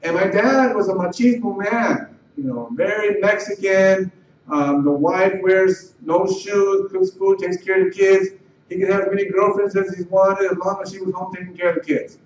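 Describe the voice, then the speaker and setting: A middle-aged man from the Los Angeles area telling a personal life story in a halting way, repeating words and restarting sentences. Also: high voice, steady tone. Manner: halting, repeats words and restarts, voice rising when retelling tense moments. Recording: roomy, distant, dull and slightly noisy.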